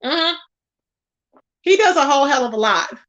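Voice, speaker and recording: A woman hosting her own livestream, venting indignantly with a high, bright voice. She repeats her points and calls people out by name. She sounds tired as she goes on. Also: animated, normal speed. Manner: indignant, repetitive, calling out by name. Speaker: livestream host. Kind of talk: ranting live stream commentary.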